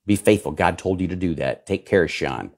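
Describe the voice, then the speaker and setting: Deep-voiced fiery preacher man. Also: expressive, fairly quick. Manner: fiery preaching, swinging from low mutters to loud cries. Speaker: pastor. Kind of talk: sermon with viewer questions.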